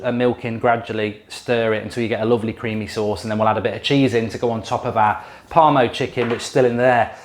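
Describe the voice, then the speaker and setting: A middle-aged man talks straight into a handheld camera while cooking at home. He tells a story in a casual, exasperated ranting style, with mild swearing and mocking put-on voices for other people. His pitch sits mid-range. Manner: exasperated, swears mildly, mocks others in impressions. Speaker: YouTube host cooking on camera. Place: home kitchen.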